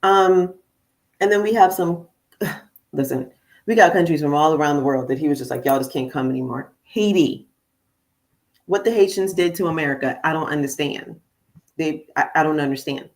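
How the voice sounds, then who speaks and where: A middle-aged woman with a notably low voice speaks into a podcast microphone. She talks in a chatty, animated way as a coach hosting her own show, often turning to her listeners with "y'all". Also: moderate pace, pauses often. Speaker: podcast host and conflict coach. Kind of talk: casual morning podcast monologue. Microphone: studio podcast microphone.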